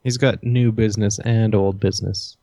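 A man's voice: fairly low pitch, steady tone, moderate pace, vocal fry, mellow, no echo. A man from Canada co-hosting a casual podcast chat, playful and ready to go along with the joke. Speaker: podcast co-host.

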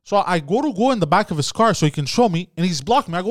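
A man casually telling a story on a podcast, acting out shouted quotes with lots of swearing and "bro". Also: high-pitched, animated, quick pace, no room sound, clean studio sound. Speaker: podcast host.

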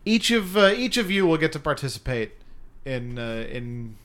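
A man hosting a podcast in casual chat, explaining a game segment with many hesitant pauses. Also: on the high side, very animated, a bit bright. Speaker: podcast host.

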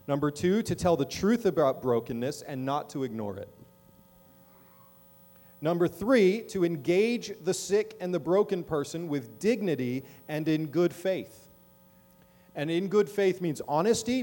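A man's voice: fairly high pitch, lively intonation, moderate pace, dark tone. Conversational pastor preaching, a man. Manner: conversational, checks in with the audience often. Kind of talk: sermon. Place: church sanctuary.

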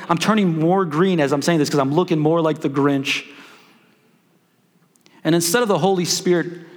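A pastor telling a personal story in a sermon, animated and acting out his own thoughts. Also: on the high side, big-room sound.

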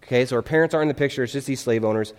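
A man's voice: medium pitch, racing, darkish tone. A male pastor giving a conversational sermon in a church, often checking in with his listeners. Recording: long hall reverb.

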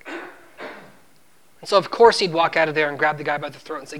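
The recording carries a little hiss or hum as a man delivers a sermon at normal speed in a somewhat bright voice. He quotes scripture, acts out the servant's lines, and raises both pitch and volume to drive his points.

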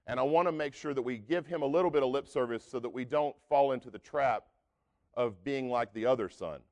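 A man's voice: medium pitch, brisk. A male preacher delivering a sermon in an easygoing, folksy manner. He talks to the congregation conversationally, leaning on casual fillers as he explains his points. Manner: relaxed, folksy, with frequent fillers.

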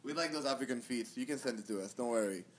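A young man co-hosting a crude casual chat, teasing and joking deadpan. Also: mid-range voice, fast talker, a little hiss or hum. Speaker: co-host.

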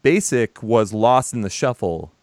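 A man's voice: mid-range voice, lively intonation, measured pace, darkish tone, dry recording, studio quality. A man hosting a movie podcast in casual chat, rambling and laughing, with some swearing. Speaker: podcast host.

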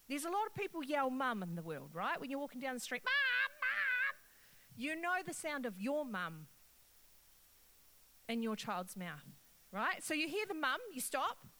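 A middle-aged woman gives an animated sermon at a church service, her voice pitched a little high. She is playful and teases the people in front of her as she tells the story. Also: rough recording. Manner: animated, playful, talks directly to the crowd. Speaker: preacher. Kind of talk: lively sermon to a live congregation.

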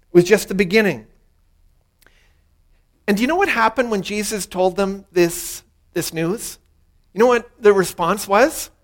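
Pastor, male, high voice, earnest sermon delivery that drives points home through repetition. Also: unhurried, pauses often. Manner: earnest, repeats key lines for emphasis.

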